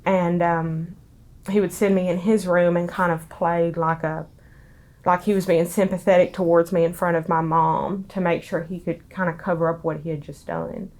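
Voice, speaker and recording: A young woman with a Southern US accent, crying as she recounts a painful memory in a halting, soft-spoken interview. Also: fairly low pitch, little pitch movement. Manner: halting, soft-spoken, many pauses and restarts. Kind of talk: emotional personal testimony.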